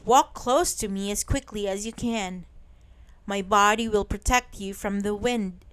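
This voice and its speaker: Woman reading as a big gentle bear. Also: mid-range voice, unhurried, clean tone, close to an everyday voice. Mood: protective.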